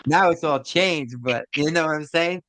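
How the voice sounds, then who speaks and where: A man's voice: on the high side, normal speed, a bit bright, no room sound. A man in a casual podcast chat, laid-back and profane, often dropping in agreement.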